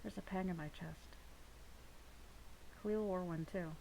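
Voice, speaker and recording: A woman reads a novel aloud in a steady first-person narrating voice. Her tone has a noticeable gravelly grain, and a faint hiss sits under the recording. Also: fairly low pitch, measured pace, pauses often, low-quality recording. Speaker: audiobook reader.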